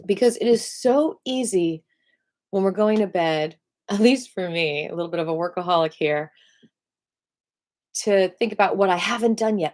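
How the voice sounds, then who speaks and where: A woman teaching a live-streamed qigong class, upbeat and playful, who slows into soft guided cues for breathing. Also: mid-range voice. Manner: upbeat and playful, breaks into squeals of excitement.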